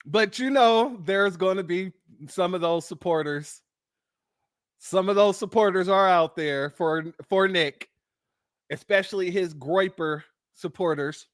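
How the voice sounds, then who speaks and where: A man's voice: high-pitched, unhurried, no echo, clean studio sound. A man hosting a reaction commentary, chatty and often laughing, talking to his audience as family. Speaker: host.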